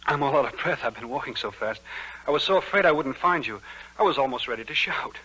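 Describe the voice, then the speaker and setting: A man's voice: on the high side, expressive, fast talker, pushed and bright, breathy edge, full character voice, low-quality recording. An actor playing Newland, an ardent young man in love, in a 1940s radio play, urging and pleading. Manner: urgent, pleading, breathless romantic. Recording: old radio broadcast with faint hiss.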